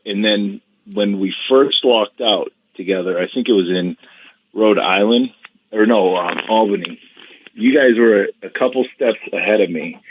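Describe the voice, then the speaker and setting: A man's voice: fairly low pitch, husky, dry recording. A man chatting as a podcast guest, telling rambling, laid-back stories. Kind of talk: casual chat. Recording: dull lo-fi sound.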